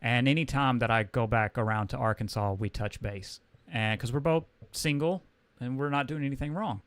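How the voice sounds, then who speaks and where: A man with a Texan accent chats through a personal story, stopping and restarting as he goes. His pitch sits in the middle of the usual range for men. The sound is dry and close, with no room echo. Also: clear, resonant tone. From Texas. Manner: rambling, halting, with many restarts and fillers. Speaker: comics livestream host. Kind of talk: casual storytelling chat.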